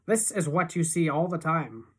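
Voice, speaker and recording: A woman's voice: low voice, animated, moderate pace, slightly rough. A woman voicing a small, clever boy who gives urgent, clipped commands in a storybook reading. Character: small, brainy, bossy boy, excitable and commanding.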